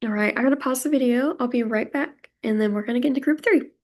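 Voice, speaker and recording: Talking fast in a fairly high voice, a woman gives a casual pick-a-card tarot reading. She's chatty and emotional, often laughing as she warmly reassures the people watching.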